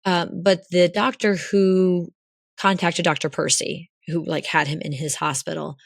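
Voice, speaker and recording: Gravelly-voiced woman telling a story. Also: fairly low pitch, a little slow, no room sound, studio quality. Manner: animated, filler-heavy, swearing storyteller. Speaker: podcast co-host. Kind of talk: casual storytelling chat.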